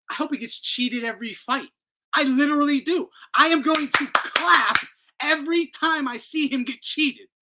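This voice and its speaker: A man's voice: very high voice, bright, forceful tone, poor audio. A man hosting a boxing talk show, ranting in a heated, profane way. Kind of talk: ranting commentary.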